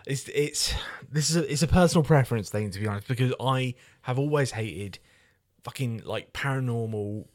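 A man reviewing a film on a casual podcast, ranting and swearing freely at a mid pitch. His delivery is blunt and exasperated, full of strong profanity. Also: normal speed, no room sound, clean studio sound. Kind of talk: casual chat.

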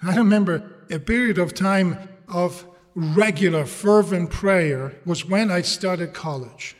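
Unhurried and high-pitched, a man preaches in a room with a big, open sound. Not a native English speaker, he delivers the sermon in English he learned later, spinning lively stories and asking his listeners rhetorical questions.

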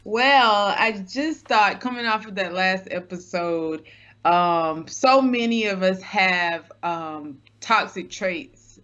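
A woman co-hosts a casual podcast, talking things through thoughtfully at a mid pitch. Her voice is bright, though the recording sounds a little dull and lo-fi. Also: animated, takes it slowly. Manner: thoughtful, reflective, laughs easily. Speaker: guest co-host.

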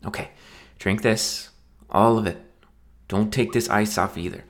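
A man's voice: steady tone, a little slow, natural voice. A man voicing an anxious young best man who coaxes his drunk friend in an earnest, rising voice. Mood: urgent coaxing. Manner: earnest, coaxing, rising higher.

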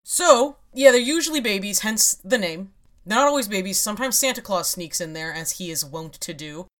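A woman's voice: mid-range voice, expressive, moderate pace. A woman hosts a casual podcast chat. She explains her topic in a wry, rambling way, with frequent laughs. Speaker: podcast host.

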